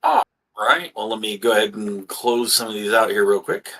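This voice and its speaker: A man's voice: on the low side, lively intonation, normal speed, gravelly, bright, forceful tone, rough recording. A man running a tabletop role-playing game as dungeon master, rambling and restarting with lots of fillers.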